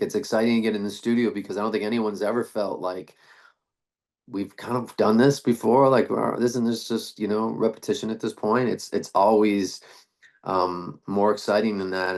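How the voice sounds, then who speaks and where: A middle-aged man, a band frontman, talking casually in an interview, rambling with restarts and fillers. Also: lowish voice. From Canada.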